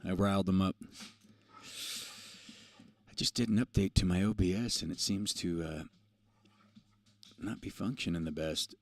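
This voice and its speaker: A man's voice: low-pitched, steady tone, normal speed, pauses often, no room sound. A man hosting a casual livestream, rambling and swearing freely as he drifts into motivational talk. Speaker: livestream host.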